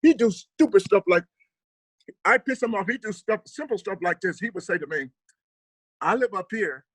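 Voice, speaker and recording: A man, a guest comedian, chatting casually on a video call and acting out family stories with animated delivery. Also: high voice, normal speed, no echo. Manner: animated storyteller, mimics his dad. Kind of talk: casual chat.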